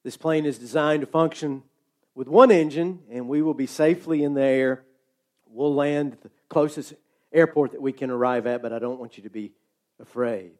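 Man doing a calm airline pilot. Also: medium pitch, moderate pace, lightly acted.

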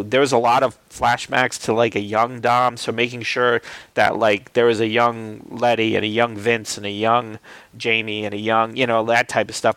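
A man chats loosely about films, stumbling through restarts and fillers and swearing casually. His voice has a gravelly, creaky edge. The sound is dry and close, with no room echo. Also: medium pitch, fairly bright tone. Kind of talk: casual film discussion.

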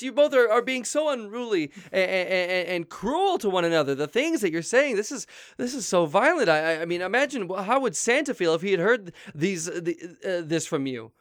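A man playing a flustered talk show host who stammers and tries to calm his guests in an improvised comedy sketch. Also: high voice, brisk, hardly any pauses, dry recording, clean studio sound. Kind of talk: improvised comedy, mock counseling.

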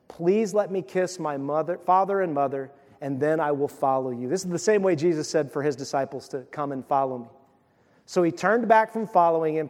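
Male pastor, high voice, animated storyteller, long hall reverb. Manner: animated storytelling, acts out voices, drops to a soft hush. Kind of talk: sermon.

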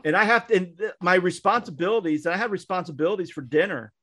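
A man tells a story on a casual podcast, his voice sitting fairly high for a man. He acts out the quotes in his story and keeps restarting his sentences as he goes. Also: quick pace, bright, forceful tone. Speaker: podcast co-host, minister.

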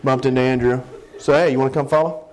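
A man's voice: mid-range voice, fairly even intonation, fast talker, a little mellow, pitched below the performer's own voice, lightly acted, poor audio. A man voicing a smug male disciple who talks in an offhand, boastful way.

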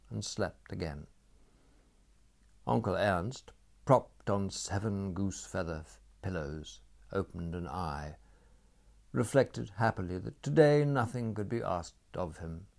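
Deep gravelly male storyteller. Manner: measured, expressive reading with dry wit. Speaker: narrator. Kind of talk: audiobook narration of a novel.

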